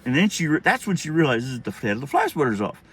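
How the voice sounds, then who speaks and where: A man's voice: medium pitch, very animated, fast talker, a bit bright, breathy edge. A middle-aged man telling a rambling, profane story in a casual vlog. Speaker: storyteller vlogger.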